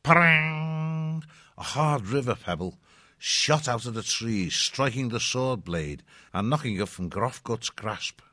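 A man narrating a storybook chapter in a measured, expressive way. His voice is fairly low but bright and forward. The recording is close and dry. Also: no room sound. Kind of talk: audiobook narration.

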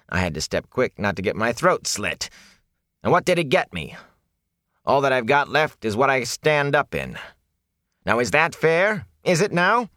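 A man voicing a ragged, frightened male peddler who talks in a raspy, hoarse, whining way. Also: mid-range voice, bright, forceful tone, no echo, studio quality, voice pushed up. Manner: whining, fearful, rambling.

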